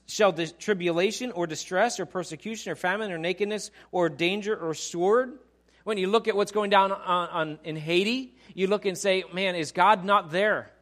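A man's voice: high voice, normal speed. A man preaching a sermon, acting out quoted voices and leading the congregation in call-and-response. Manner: animated preacher who acts out quoted voices and asks the congregation to repeat lines. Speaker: pastor.

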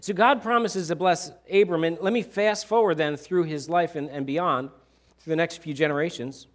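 A man preaching a sermon in a church, casual and animated, pushing up his voice for emphasis. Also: a little high, moderate pace. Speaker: pastor.

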